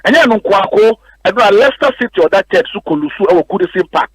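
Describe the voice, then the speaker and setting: A man's voice: high voice, animated, a bit bright, breathy edge, no room sound, poor audio. A man with a Ghanaian accent analysing football on a radio sports show in a studio, hammering his points with repeated words. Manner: rapid code-switching, repetitive emphatic delivery.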